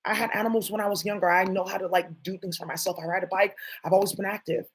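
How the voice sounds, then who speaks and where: A woman's voice: medium pitch, steady tone, fast, slightly rough, rough recording. A woman vlogger talking to her viewers in a rambling, jumpy monologue, swearing often.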